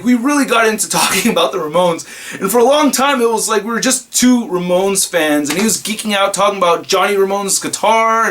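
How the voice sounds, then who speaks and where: A man who reviews toys online, excitedly telling a rambling story in a casual vlog. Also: high-pitched. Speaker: toy reviewer and YouTuber.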